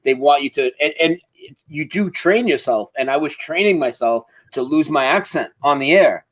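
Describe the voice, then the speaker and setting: A man with a Boston accent, a guest and radio host, chatting casually on a podcast, loud and excitable and swearing freely. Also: a little high, moderate pace, low-quality recording.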